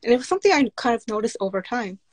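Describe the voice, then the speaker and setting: A woman with a fairly high voice speaks in a steady, matter-of-fact way. The sound is dry and close. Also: racing, no room sound. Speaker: writer and panelist. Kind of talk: casual panel discussion.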